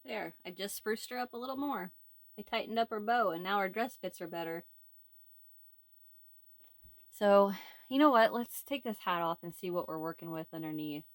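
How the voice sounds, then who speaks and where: A woman's voice: medium pitch, moderate pace, long pauses, no echo, studio quality. A woman chatting casually to camera as a crochet vlogger, rambling and laughing easily. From United States. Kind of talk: casual chat.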